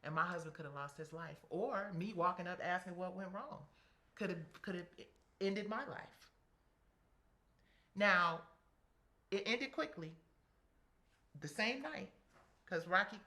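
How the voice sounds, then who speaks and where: A middle-aged woman telling a story as an interview guest, animated and blunt, acting out what others said. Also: lowish voice, a little slow, long pauses. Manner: animated, quotes people in acted voices, swears freely.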